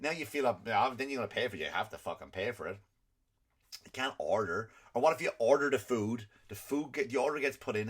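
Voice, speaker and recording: A man's voice: medium pitch, fairly bright tone. A man hosting a comedy podcast, ranting and swearing constantly in an exasperated, comic way. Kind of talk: profane comedic rant.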